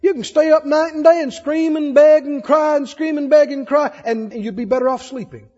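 A man preaching a sermon, animated, swinging between loud emphasis and soft asides. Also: extremely high pitch, normal speed, long reverb tail, muffled recording.

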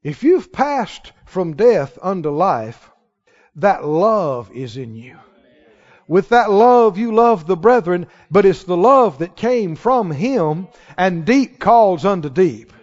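A man's voice: high voice, very animated, takes it slowly. A male pastor preaching a sermon with emphatic, rising declarations to a church congregation. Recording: dull sound with long hall reverb.

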